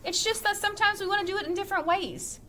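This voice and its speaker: A woman's voice: extremely high pitch, steady tone, quick pace, bright, forceful tone, slight background noise, pitched above the performer's own voice. Woman reading as a playful, joking dad. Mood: earnest. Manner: teasing and upbeat.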